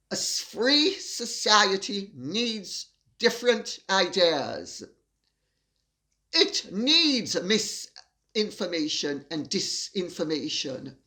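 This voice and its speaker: An older woman delivering an indignant opinion monologue as a commentator, with emphatic, deliberate stresses. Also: on the low side, pushed and bright.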